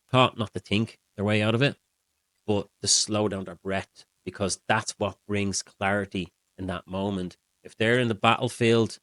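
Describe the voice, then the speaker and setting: Male mindset coach, middle-aged, very low voice, dry close sound, calm steady explaining. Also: dry recording. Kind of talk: explaining to camera.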